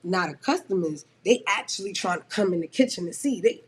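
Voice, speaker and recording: A woman's voice: medium pitch, animated, a little fast, slightly rough. Blunt, profane woman telling a story. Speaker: podcast guest. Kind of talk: casual storytelling.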